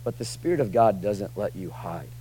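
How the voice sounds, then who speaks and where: A male pastor preaching a casual sermon in church, joking with the room and swinging from quiet asides to loud, emphatic lines. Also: on the low side, animated, normal speed, slight background noise, rough recording.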